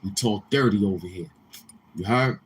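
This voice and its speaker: A man's voice: lowish voice, normal speed, slight background noise. A man hosting a livestream, chatting casually with viewers in a boastful, crude, repetitive manner. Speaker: livestream host.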